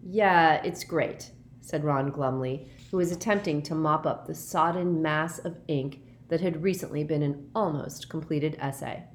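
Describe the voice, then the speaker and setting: A woman narrating a children's fantasy novel as an audiobook reading, in a steady storybook manner. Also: sits low, normal speed, few pauses, a little hiss or hum.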